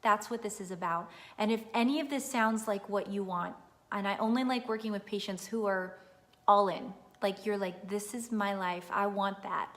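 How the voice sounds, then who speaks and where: A woman's voice: medium pitch, moderate pace. A woman in her thirties, a nutritionist giving an earnest, emphatic motivational talk to viewers on a live stream and repeating phrases for emphasis.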